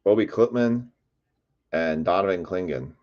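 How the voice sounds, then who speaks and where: A man hosting a live card break, chatty and excitable, calling out player names and shouting over big pulls. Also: low-pitched, a little slow, dull audio.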